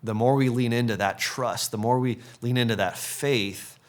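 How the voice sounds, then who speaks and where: A pastor preaches a sermon at a moderate pace, earnestly stacking short, punchy phrases and dropping to a soft, low voice on the key points.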